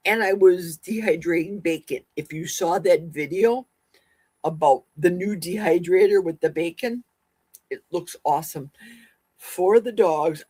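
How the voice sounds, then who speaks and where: A middle-aged woman hosting a casual livestream, talking fast and rambling from one topic to the next. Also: lowish voice, darkish tone, slightly rough, dry recording. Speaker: livestream host.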